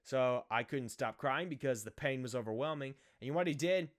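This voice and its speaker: A young man telling a childhood story in a casual, animated, self-mocking way, acting out the other people's voices. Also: mid-range voice, fairly quick. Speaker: vlogger.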